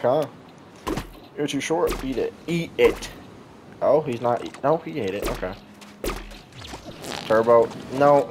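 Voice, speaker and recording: A young man giving sarcastic, jokey let's-play commentary, chatting to the game's characters as he plays. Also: medium pitch. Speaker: gaming YouTuber.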